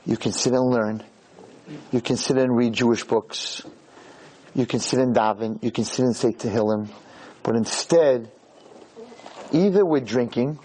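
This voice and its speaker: A man's voice: mid-range voice, unhurried, long pauses, darkish tone, breathy edge, poor audio. A man giving a humorous sermon as a rabbi, telling a story with acted-out dialogue and speaking directly to his listeners. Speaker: rabbi teaching a class.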